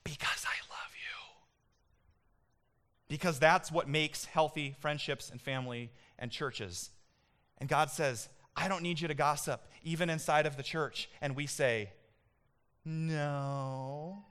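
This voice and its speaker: Male pastor preaching in church, bright clear voice, fairly high, gets loud and fired up. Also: moderate pace. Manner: emphatic, rising to impassioned peaks when voicing God. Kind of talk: sermon.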